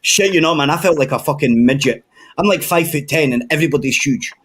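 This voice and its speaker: A man's voice: on the high side, quick pace, a bit bright, a little hiss or hum. Sweary Scottish man telling stories. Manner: sweary, rambling storyteller. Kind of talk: casual chat among friends.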